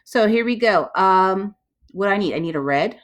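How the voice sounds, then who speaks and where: A woman's voice: mid-range voice, animated, moderate pace. Woman teacher, math walkthrough, chatty, thinks aloud, corrects herself. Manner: chatty, talks herself through each step.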